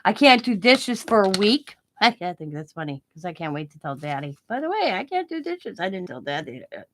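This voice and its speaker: A woman's voice: fairly low pitch, sing-song, brisk, fairly bright tone. A middle-aged woman, a craft channel host, telling a story in casual, chatty talk that rambles, restarts sentences and often breaks into giggles.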